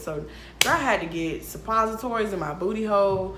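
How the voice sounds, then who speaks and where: A woman in her twenties telling a storytime vlog, animated, frank and profane, laughing often. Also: mid-range voice, fairly quick, roomy sound, faint music behind. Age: 20s. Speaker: vlogger. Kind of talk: casual storytime monologue.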